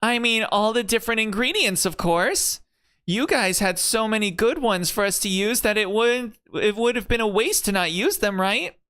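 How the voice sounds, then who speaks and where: A man's voice: high voice, lively intonation, normal speed, pushed and bright, clean tone, voice pushed up. A man voicing a cheerful, innocent young female knight in a game story, in a sweet sing-song manner. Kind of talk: reading game story aloud with voices.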